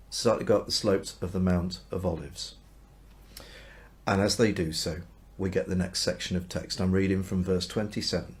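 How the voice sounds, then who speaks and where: A man teaching the Bible in a chatty way, reading aloud and acting out the dialogue in everyday speech. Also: low voice. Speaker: minister.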